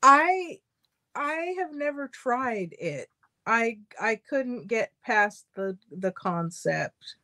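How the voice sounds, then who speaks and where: A woman's voice: a little high, animated, pushed and bright, dry recording. A woman co-hosting a livestream in casual chat, laughing a lot and telling stories at an easy pace. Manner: unhurried storytelling, laughs a lot. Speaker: livestream co-host.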